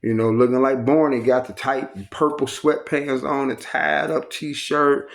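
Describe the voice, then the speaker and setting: Gravelly man telling a rough story. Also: medium pitch, measured pace. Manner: profane, rambling, animated retelling. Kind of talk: casual spoken storytelling.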